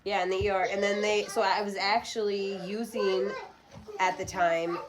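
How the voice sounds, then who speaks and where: A woman's voice: medium pitch, fairly even intonation, normal speed, crowd noise, rough recording. A woman in her thirties, a podcast guest talking candidly and bluntly, with rambling asides and frequent swearing. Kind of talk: candid casual conversation.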